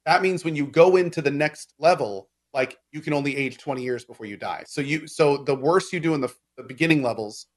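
A man's voice: on the high side, brisk, few pauses. A man in casual gaming chat, explaining game mechanics at length with lots of fillers and restarts. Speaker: game discussion co-host.

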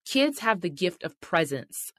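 A woman's voice: lowish voice, sing-song, unhurried, fairly bright tone, no echo, clean studio sound. A middle-aged woman hosting a faith-based marriage podcast, talking directly and earnestly to listeners. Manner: earnest, direct, addresses listeners as "y'all" and "sis". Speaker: podcast host.

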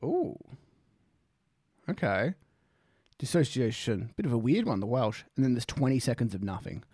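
A man's voice: medium pitch, very animated, moderate pace, a little mellow, husky, no echo, clean studio sound. A young man rambling through a casual music reaction, swearing freely and laughing often.

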